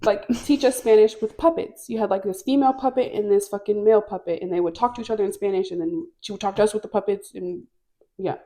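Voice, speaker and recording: A young woman co-hosting a casual talk show, telling a long story with plenty of swearing. She gets loud and lively when she acts out the people in it. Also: mid-range voice, fast. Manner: animated, swearing, acts out quoted people loudly. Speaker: podcast co-host.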